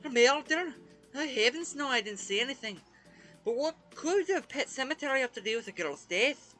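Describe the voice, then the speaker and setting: Brief: streamer doing fussy old graveyard keeper, mock Scottish-Irish lilt, sing-song and pitched up. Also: expressive, moderate pace, bright, forceful tone, soft background music, poor audio. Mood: flustered. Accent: put-on Scottish-Irish lilt. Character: humble old cemetery gatekeeper man.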